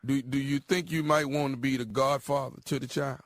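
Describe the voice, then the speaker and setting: A man making a prank phone call on a radio show, deadpan and provoking. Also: medium pitch, fairly quick, dry recording, studio quality.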